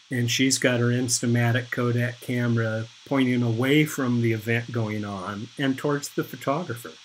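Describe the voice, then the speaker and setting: Man, middle-aged, art instructor, unhurried explanatory lecture, faint background hiss. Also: mid-range voice, low-quality recording. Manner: unhurried, explanatory, pointing at images. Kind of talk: recorded lecture over slides.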